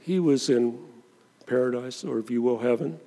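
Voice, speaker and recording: A man's voice: mid-range voice, normal speed, mellow, big-room sound. A man preaching a sermon as pastor, talking conversationally and dramatizing the scripture he reads.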